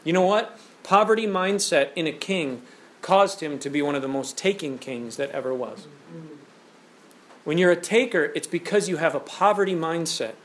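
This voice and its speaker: A man preaching a lively sermon, full of rhetorical questions and told stories. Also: on the high side, normal speed. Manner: animated, storytelling, rhetorical questions.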